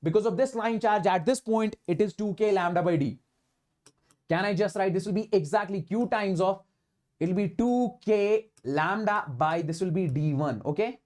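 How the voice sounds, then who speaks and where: A man's voice: high-pitched, moderate pace, a little mellow. A man with an Indian accent teaching physics in an online exam-prep lecture, repeating himself emphatically and slipping Hindi words into his English.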